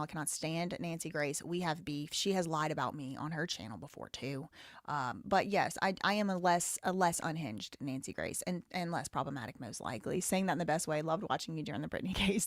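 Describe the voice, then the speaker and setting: A woman's voice: dry recording, studio quality. A woman from the Southern US hosting a live stream, reading super chats and giving blunt, outspoken commentary. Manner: blunt, outspoken, rising loud and high when heated. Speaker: livestream host.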